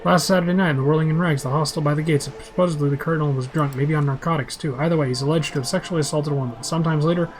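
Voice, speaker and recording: A composed, well-informed middle-aged woman negotiator, read by a man in his own slightly raised voice. She stays guarded and measured, but the lines come fast. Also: a little high, fairly even intonation, slight background noise, natural voice, poor audio.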